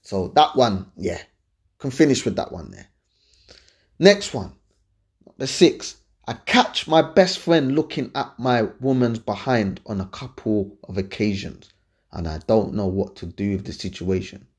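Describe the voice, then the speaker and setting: A young man gives blunt, animated relationship advice in a casual, slangy way, repeating his points. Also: lowish voice, unhurried. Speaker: advice-giving host.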